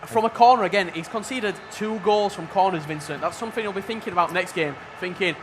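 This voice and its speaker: A man giving play-by-play commentary on a football video game match, measured and level-headed in his analysis. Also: sits high, noisy background. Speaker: esports commentator.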